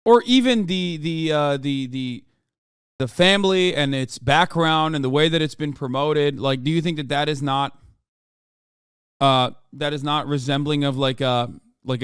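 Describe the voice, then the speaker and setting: A man in his thirties hosting a livestream, reading and answering chat in a profane rant that swings from mumbling to yelling. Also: mid-range voice, fairly even intonation, moderate pace, clear, resonant tone, no room sound, clean studio sound. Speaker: streamer.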